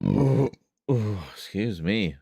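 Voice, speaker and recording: A man's voice: fairly low pitch, wildly swooping pitch, extremely slow, creaky, warm tone, dry recording, studio quality. A man hosting a livestream, chatting casually with viewers, reading their messages aloud and laughing often. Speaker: livestream host.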